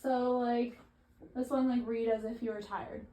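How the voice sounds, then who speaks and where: A woman's voice: a little high, level tone, measured pace, dark tone. A woman casually coaching someone to read aloud in different voices, encouraging, with frequent fillers. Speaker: reading coach. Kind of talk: giving reading instructions. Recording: echoey room with faint ambient noise.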